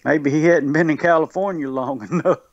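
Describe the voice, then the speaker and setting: A man's voice: on the high side, normal speed, dry recording. A man from Mississippi with a Mississippi Southern accent, a guest talking earnestly in a casual conversation, often repeating himself and restarting. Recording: dull lo-fi recording.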